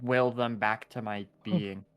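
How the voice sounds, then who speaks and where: A man's voice: lowish voice, fairly even intonation, takes it slowly, smooth, faint music behind. A man playing a tabletop game, talking casually, thinking aloud and swearing. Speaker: player.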